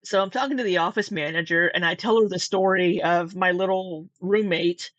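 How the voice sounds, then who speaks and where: Chatty low-voiced woman vlogging. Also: moderate pace, dry recording. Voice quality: chatty, peppered with "like", frequent laughs. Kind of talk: casual storytelling vlog. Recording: dull lo-fi dry sound.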